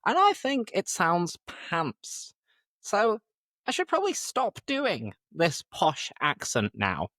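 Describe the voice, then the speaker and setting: A man's voice: high-pitched, wildly swooping pitch, slow pace, bright, forceful tone, no echo, pitched above the performer's own voice, heavily acted. A drawling, plummy upper-class Englishman, as a man puts on a posh voice for a joke. The voice sits well above his own and stretches out the words in a mock-refined way. The recording is dry, with no room sound.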